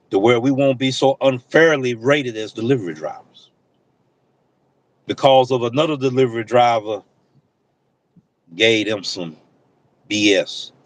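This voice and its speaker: Man, delivery driver, livestream, impassioned, preachy, casual slang, mid pitch. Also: low-quality recording. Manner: impassioned, preachy, talks straight at the audience; slang-heavy casual speech. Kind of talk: livestream commentary to viewers.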